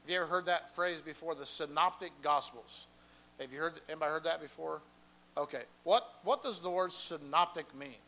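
Male Bible class teacher, somewhat high, bright tone, question-and-answer teaching style. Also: brisk, poor audio. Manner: asks the class questions and repeats answers, frequent "okay".

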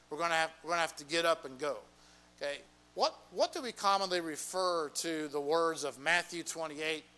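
A man's voice: fairly high pitch, bright, forceful tone, rough recording. A man teaching a Bible class, asking the group questions and repeating their answers, with a frequent "okay".

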